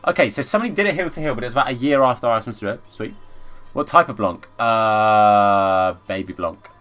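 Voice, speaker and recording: A young man commenting live on a football video game as a streamer, chatting with viewers and bursting into excited shouts at the play. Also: mid-range voice, racing. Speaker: gaming streamer. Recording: faint background music.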